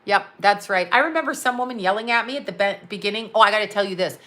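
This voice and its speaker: She talks fast, her medium-pitched voice fairly bright, as a psychic and astrologer fielding live chat questions. The tone is casual and rambling, blunt, with plenty of laughing and cursing.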